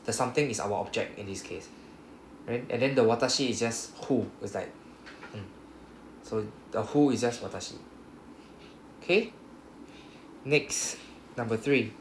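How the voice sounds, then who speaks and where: A man's voice: mid-range voice, moderate pace, long pauses. A man teaching a Japanese grammar class, explaining patiently and often checking with "right?". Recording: roomy classroom echo, faint hum.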